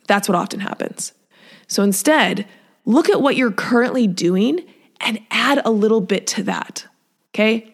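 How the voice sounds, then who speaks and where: A woman fitness coach talking casually and encouragingly, often acting out what her clients say. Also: fairly high pitch. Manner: chatty, encouraging, acts out clients' voices. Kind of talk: solo podcast talk.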